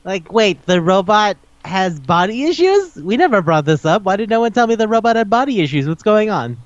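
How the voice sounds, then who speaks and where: A man's voice: high voice, a little fast, no echo, muffled recording. Ranting, swearing man on a podcast. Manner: ranting, profane, animated. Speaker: podcast co-host. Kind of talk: casual chat.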